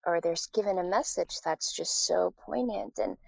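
A woman's voice: lowish voice, normal speed, vocal fry, slightly rough, no room sound, poor audio. A woman from Taiwan, a guest in a casual interview, telling a personal story with lots of fillers and restarts.

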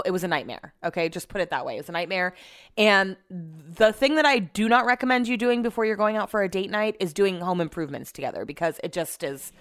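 Rambling woman clearing her throat. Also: lowish voice, fairly bright tone. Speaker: podcast host. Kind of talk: casual storytelling chat. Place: home with renovation noise nearby.

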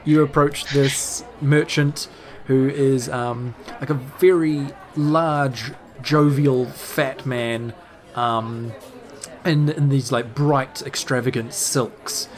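A man narrating a tabletop game as game master, talking in halting bursts. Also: mid-range voice, steady tone. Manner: halting, many fillers and restarts.

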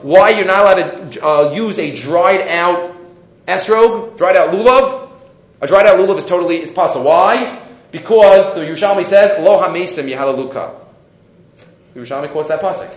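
A man teaching a weekly Torah class, animated and acting out the voices of the people in the text. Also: high voice. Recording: echoey room, dull lo-fi sound.

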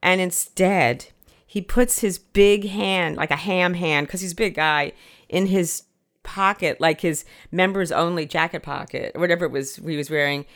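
A woman telling a comic story in casual chat, animated and salty, acting out the lines she quotes. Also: lowish voice, moderate pace. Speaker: guest storyteller.

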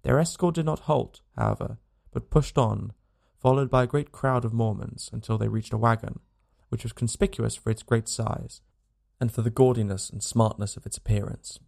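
Male audiobook narrator, strongly gravelly tone, measured and scripted. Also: mid-range voice, a little mellow.

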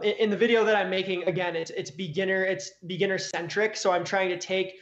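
A man's voice: high-pitched, roomy sound, lo-fi sound. A man in casual podcast chat, laid-back, calling the other host "dude" and "man". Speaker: YouTube cooking creator, guest.

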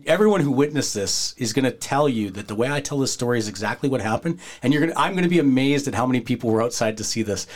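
A man hosting a podcast, telling a wrestling locker-room story in a casual, animated way and acting out the voices of the people in it. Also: medium pitch, fast talker, few pauses. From Canada. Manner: animated, acts out quoted voices, breaks into laughter.

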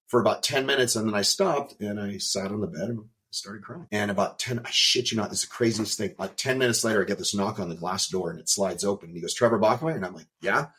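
Animated man telling his story. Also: on the low side. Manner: emphatic, swearing, animated retelling. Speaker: podcast guest. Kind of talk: storytelling in an interview.

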